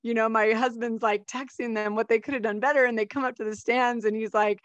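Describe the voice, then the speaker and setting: A woman's voice: fairly high pitch, steady tone, fairly quick, no echo, lo-fi sound. A middle-aged woman hosting a podcast, chatting casually with her guest, laughing often and saying "like" a lot. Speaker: podcast host. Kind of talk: casual interview chat.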